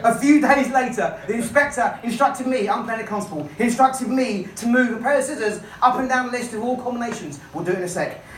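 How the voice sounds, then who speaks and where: A woman's voice: fairly high pitch, fast talker, few pauses, slight background noise. A woman magician and comedian telling a comic story to a live audience, playful and coaxing a volunteer along. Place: comedy club stage. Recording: echoey room, voice from far off.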